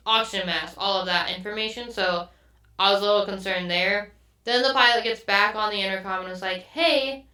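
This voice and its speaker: Woman, podcast host, exasperated casual rant, lots of swearing, bright tone, echoey room a bit off-mic. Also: mid-range voice, recorded from a distance. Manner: exasperated, swears a lot, quotes others mid-story.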